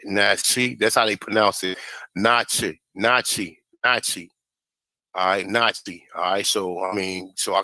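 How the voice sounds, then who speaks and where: Casting note: a young man, a bright, forceful voice and a dry, close sound, hosting a profane commentary vlog. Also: lowish voice, gravelly, no room sound, low-quality recording. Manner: profane, heated, stumbles over names while reading. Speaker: host. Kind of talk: casual commentary vlog, reading aloud.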